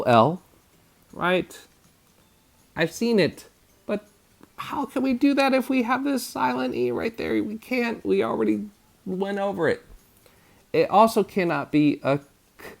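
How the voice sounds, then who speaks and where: A man's voice: medium pitch, creaky. A man teaching a spelling lesson to fourth graders, sounding out letters and syllables, with bursts of energy like "bam".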